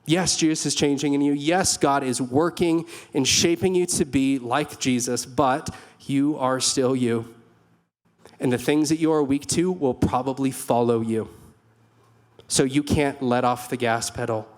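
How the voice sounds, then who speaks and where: A man's voice: medium pitch, fairly even intonation, unhurried. A young man preaching a sermon in a church hall, earnest and conversational, with storytelling asides. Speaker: pastor.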